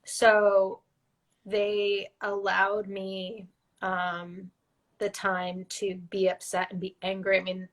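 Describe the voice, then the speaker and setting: A woman's voice: mid-range voice, completely flat delivery, low-quality recording. Tearful woman telling a personal story. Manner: earnest, halting, faith-driven storytelling. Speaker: guest. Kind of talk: emotional personal interview.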